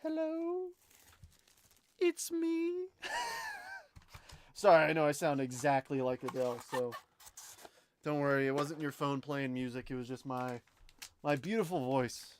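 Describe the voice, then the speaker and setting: A young adult man hosting a live card break, giving chatty, excitable commentary and talking to viewers by name. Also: medium pitch, normal speed, slight background noise.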